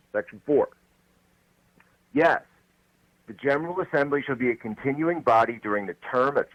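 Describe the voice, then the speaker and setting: A man's voice: medium pitch, a bit bright, no room sound, poor audio. A man from Pennsylvania, a guest on political talk radio, laying out his case intensely, point by point. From Pennsylvania, USA. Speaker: guest commentator.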